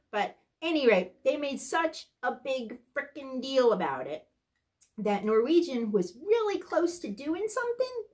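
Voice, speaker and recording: Woman as a blunt, sarcastic cruise guest-services worker; ranting comic monologue with a lively, swooping, slightly high voice. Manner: sarcastic, ranting, exasperated asides. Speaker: comedy sketch character. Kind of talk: comedic character monologue.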